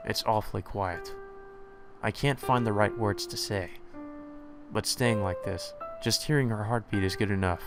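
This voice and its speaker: A man reading a visual novel aloud, with small stumbles and restarts. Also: on the low side. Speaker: let's play narrator. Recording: music playing behind.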